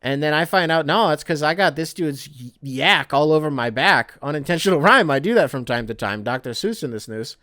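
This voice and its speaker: A man's voice: fairly high pitch, animated, fairly quick, few pauses, bright, forceful tone, no echo, clean studio sound. A young man hosting a podcast, rambling and swearing in a self-mocking way. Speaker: podcast host. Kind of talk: casual solo podcast monologue.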